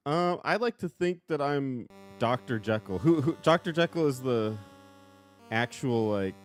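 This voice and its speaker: A man's voice: mid-range voice, measured pace, soft background music. A young man co-hosting a podcast, cracking dry jokes while they play a game. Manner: wry, deadpan jokes. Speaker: podcast co-host. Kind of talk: casual banter while playing a game.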